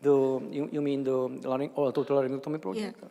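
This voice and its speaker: A man answering audience questions after a lecture, halting and thinking aloud with many restarts. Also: mid-range voice, warm tone. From Czech Republic. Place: large lecture hall. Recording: lecture hall with long reverb.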